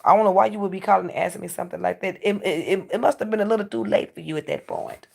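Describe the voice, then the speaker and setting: A woman's voice: medium pitch, racing. A woman in a casual vlog monologue, ranting and preaching with plenty of profanity. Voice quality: gravelly. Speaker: vlogger.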